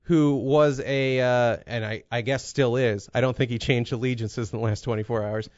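A man's voice: mid-range voice, normal speed, no echo, dull audio. A man co-hosting a casual podcast chat, rambling and profane, telling stories with lots of energy. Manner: rambling, profane, animated storytelling. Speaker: podcast co-host.

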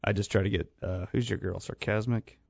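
A man's voice: lowish voice, steady tone, brisk, gravelly, darkish tone, dry recording, highs cut off. A man co-hosting a casual podcast chat, joking and asking questions. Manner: joking, asks questions, laughs often. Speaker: podcast co-host.

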